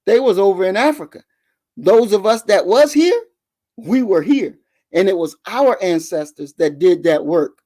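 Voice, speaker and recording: A man's voice: sits high, a little mellow. A man speaking as a guest on an online talk radio show, making an emphatic, lecturing argument and often repeating words as he builds his point.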